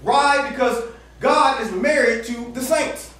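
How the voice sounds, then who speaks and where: A man's voice: very high-pitched, slow, fairly bright tone. A man preaching a sermon in a casual, slang-filled way, acting out little dialogues and laughing often. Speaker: campus minister preaching. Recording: echoey room from far off.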